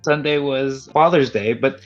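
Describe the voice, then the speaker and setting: A man's voice: measured pace, soft background music. Easygoing man on muffled podcast audio. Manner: chatty, easygoing, hesitant fillers. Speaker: podcast co-host. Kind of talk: casual chat. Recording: dull low-fi audio.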